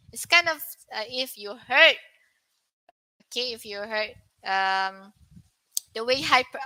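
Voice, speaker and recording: A young woman teaching an online English pronunciation lesson, asking viewers questions and repeating words slowly. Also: fairly high pitch, sharp tone, no echo, rough recording. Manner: slow, repetitive, questions to viewers.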